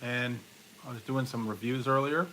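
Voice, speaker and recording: A man chats casually with his viewers on a live stream, rambling about his day while he eats and drinks. His voice is bright and forceful, with a faint hum of noise behind him. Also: medium pitch, fairly even intonation, moderate pace. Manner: talks while eating and drinking. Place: home.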